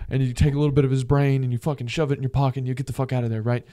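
A man's voice: mid-range voice, flat delivery, racing, hardly any pauses, dark tone, smooth, dry recording, clean studio sound. A man as a podcast guest, telling rambling, profane stories in casual chat. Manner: profane, rambling, acts out voices in his stories. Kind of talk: casual storytelling.

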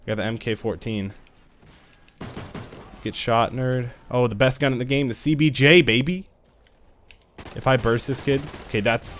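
A young man giving excitable live commentary on a shooter game into a headset, trash-talking and breaking into sudden yells. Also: lowish voice. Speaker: gaming channel host.

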